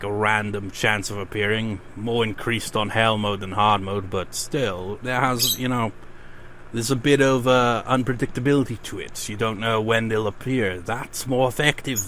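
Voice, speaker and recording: A man's voice: on the low side, pushed and bright, slight background noise. A man playing a horror game, reading its ghost stories aloud between casual commentary. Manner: reads in-game ghost stories aloud, then rants with swearing and laughs. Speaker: let's play gamer.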